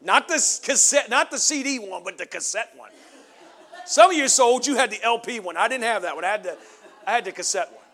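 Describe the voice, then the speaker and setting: A middle-aged pastor preaching a sermon, swinging from loud preaching to low, confessional storytelling. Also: male voice, lively intonation, a little fast. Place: church sanctuary.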